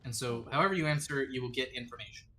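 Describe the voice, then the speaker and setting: Bright-voiced man narrating as game master. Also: mid-range voice, soft background music. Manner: descriptive, measured storytelling with sudden quick asides. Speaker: dungeon master.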